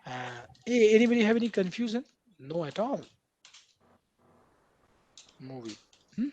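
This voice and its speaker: A man's voice: high-pitched, big pitch swings, unhurried, darkish tone, a little hiss or hum. A man teaching a live online coding class. He talks chattily, checks in with the class, and acts out what the code editor says. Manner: chatty, repeatedly checking in with "right?". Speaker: programming instructor.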